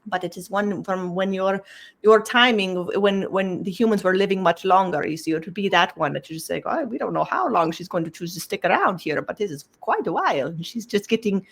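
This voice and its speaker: Speaking as a collective voice in a channeled spiritual talk, this woman halts and repeats words while searching for them. Her pitch is medium, and almost every phrase closes with the same tag question.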